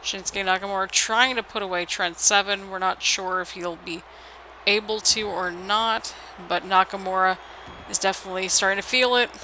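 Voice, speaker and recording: Bright crisp voice calling a wrestling game on a headset, kept low and quiet since it's late at night. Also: steady tone, moderate pace, slight background noise, rough recording. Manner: keeps the voice low and hushed for late-night recording; hype play-by-play with frequent "people" call-outs. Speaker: YouTuber doing play-by-play of a wrestling video game. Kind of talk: solo game commentary in a wrestling announcer manner.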